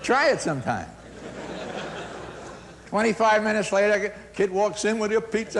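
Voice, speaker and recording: A middle-aged man giving a storytelling talk on customer service, acting out dialogue and swinging from loud to hushed. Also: high-pitched, moderate pace, pauses often. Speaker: motivational speaker on customer service.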